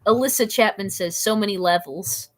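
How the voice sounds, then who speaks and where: A woman's voice: mid-range voice, moderate pace. A young adult woman live streaming, reading chat aloud in a playful, rambling way, often saying "like" and slipping into silly voices.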